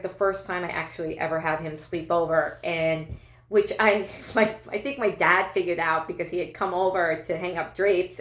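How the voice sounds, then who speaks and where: A woman's voice: lowish voice, echoey room. A woman doing a stand-up comedy monologue, chatty and self-deprecating, with lots of fillers and restarts.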